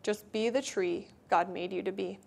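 Woman voicing a gentle mother oak tree. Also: medium pitch, steady tone, normal speed, gravelly. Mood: gentle reassurance.

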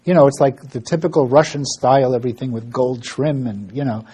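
Man, mellow husky voice, casual ministry storyteller, halting with fillers. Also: mid-range voice. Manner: storytelling with frequent fillers and restarts; acts out dialogue in quoted voices. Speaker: ministry worker giving an update. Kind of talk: informal spoken ministry report.

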